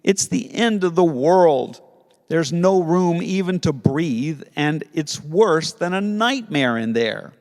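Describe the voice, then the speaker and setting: A man's voice: a little high, expressive, slow pace, long reverb tail, pitched above the performer's own voice. A man voicing a desperate peasant pleading to his rabbi in a mock Batman voice. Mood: frantic.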